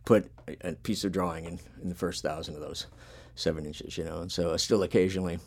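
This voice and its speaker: He speaks fast in a low-pitched, slightly rough voice with a steady tone. Hosting a casual chat, the punk musician and podcaster tells long, rambling, laid-back stories with heavy swearing and filler.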